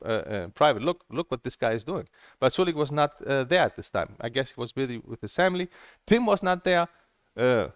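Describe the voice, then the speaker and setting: Ranting man, pitch jumping all over. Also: no echo, studio quality. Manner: angry, ranting, with many fillers and restarts. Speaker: streamer. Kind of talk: heated monologue.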